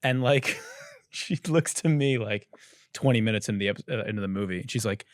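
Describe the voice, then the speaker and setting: A man hosting a comedy podcast, delivering a profane, animated ranting monologue into a close studio mic. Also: lowish voice, a little fast, no echo. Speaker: podcast host.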